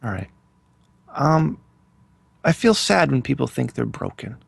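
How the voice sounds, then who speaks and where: A man's voice: mid-range voice, very animated, a little slow, vocal fry, husky, dry recording. A man co-hosting a podcast in easygoing, chatty conversation. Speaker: podcast co-host. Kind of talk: casual podcast chat.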